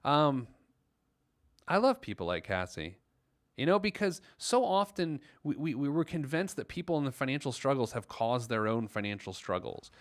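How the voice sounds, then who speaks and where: A man's voice: medium pitch, sing-song, normal speed. A man hosting a financial advice podcast, talking easily with a caller and using lots of filler words. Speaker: podcast host and financial planner. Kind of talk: casual advice chat with a caller.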